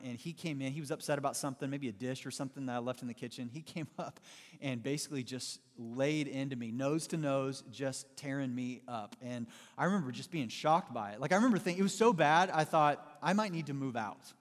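A man preaching a sermon, with animated storytelling and playful asides to the congregation. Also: mid-range voice. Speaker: pastor. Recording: long hall reverb.

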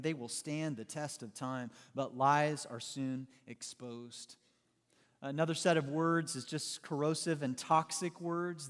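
A man delivers a sermon in a large church hall, his voice a touch higher than most men's and trailing off into a long reverb. He tells stories with animation and tosses playful asides to the congregation. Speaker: pastor.

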